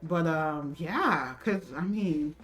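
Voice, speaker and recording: A woman's voice: deep voice, takes it slowly, faint music behind. A woman co-hosting a casual chat show, talking loosely with many fillers and restarts. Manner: chatty, lots of fillers and restarts, laughs often. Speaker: co-host. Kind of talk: casual chat reacting to a video.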